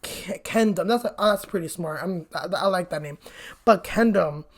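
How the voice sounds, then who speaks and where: A woman vlogger with a lowish voice recaps a movie at a moderate pace. She's chatty and blunt, swears freely, and says "like" constantly.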